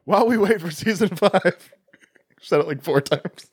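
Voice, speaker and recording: Quippy guy cohost, giggles and swears, bouncy animated pitch, dry close sound. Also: measured pace, husky, dry recording. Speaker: podcast co-host. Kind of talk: casual chat.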